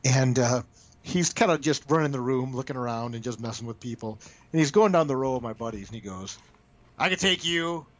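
A man's voice: medium pitch, brisk. A man, a comic book writer, telling stories in a casual interview, talking animatedly with frequent restarts and stammered repeats. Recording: dull lo-fi audio.

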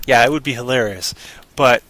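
A man's voice: mid-range voice, fairly bright tone, no echo. A man co-hosting a casual podcast chat, joking around and slipping into put-on voices. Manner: joking, drifts into put-on voices and a mock Canadian accent. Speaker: podcast co-host.

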